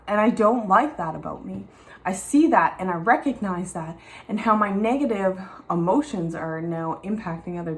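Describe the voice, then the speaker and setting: A young woman, a mother, talking candidly and casually to camera at home in a chatty, animated way. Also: mid-range voice. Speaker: mom vlogger. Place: at home, in the garden.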